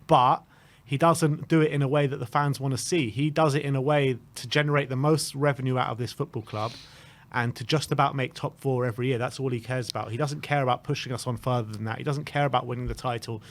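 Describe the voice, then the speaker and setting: A man hosting a casual football fan show, talking in an animated, emphatic way and often repeating himself. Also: mid-range voice, fast.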